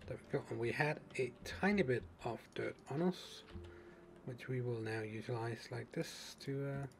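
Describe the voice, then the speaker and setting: Narrating his own survival gameplay, a let's-play gamer thinks aloud with lots of fillers and restarts in casual commentary. His voice is medium-pitched and creaky at a moderate pace, with slight background noise.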